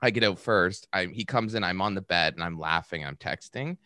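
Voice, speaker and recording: A man's voice: sits low, a little fast, dry recording, clean studio sound. A man, a comedian guest on a podcast, telling crude stories in casual chat and laughing through them. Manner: animated storyteller, laughs through his own tales.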